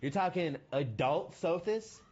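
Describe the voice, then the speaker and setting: A man's voice: fairly high pitch, expressive, unhurried, a little mellow, slightly rough, dull audio. A young man streaming games, chatting casually in a rambling, slangy, joking way. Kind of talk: casual gaming stream chat.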